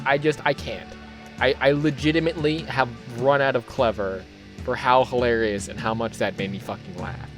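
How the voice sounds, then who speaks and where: A young American man commenting casually as a YouTuber, rambling, profane and incredulous, with lots of fillers. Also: mid-range voice. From United States.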